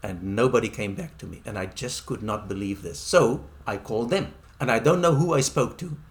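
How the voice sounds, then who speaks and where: A man's voice: mid-range voice, moderate pace. Wry man telling stories. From South Africa. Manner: wry, anecdotal, self-deprecating. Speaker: podcast host. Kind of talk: casual storytelling monologue.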